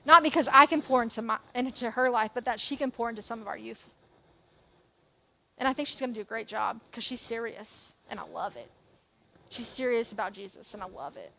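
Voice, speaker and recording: A woman's voice: a little high, vocal fry, pushed and bright. A young adult woman giving a sermon as a church youth leader, chatty and self-deprecating, with jokes and asides.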